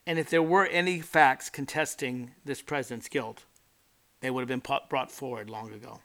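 Bright-voiced talk host. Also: male voice, medium pitch, steady tone, normal speed. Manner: emphatic, mocking mimicry of the accused. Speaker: political talk show host. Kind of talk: scripted political commentary.

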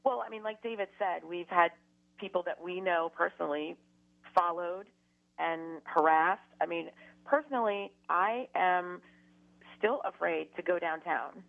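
A woman's voice: on the low side, measured pace, vocal fry. A woman as a radio guest, speaking hesitantly with many fillers. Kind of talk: radio interview. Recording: dull lo-fi line.

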